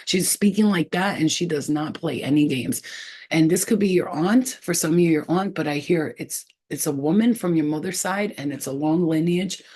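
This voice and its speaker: Husky-voiced woman giving a blunt psychic reading. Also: low voice, darkish tone. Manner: casual, blunt and profane, with emphatic repetition; halting, trailing off while sounding out names. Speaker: psychic reader. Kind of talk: spiritual reading to camera.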